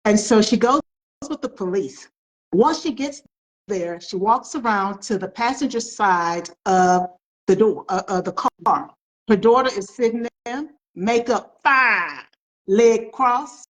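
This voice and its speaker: A woman's voice: fairly high pitch, lively intonation, unhurried, poor audio. Emphatic middle-aged woman telling family stories. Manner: emphatic storyteller, repeats phrases for effect. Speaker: author. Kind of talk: storytelling in an interview.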